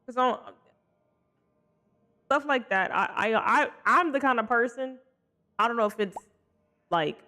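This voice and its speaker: A game streamer casually chatting with live viewers while playing, expressive and apologetic, swinging between loud exclamations and soft mutters. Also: mid-range voice, measured pace, pauses often. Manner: chatty and sympathetic, reacting to chat with frequent apologies.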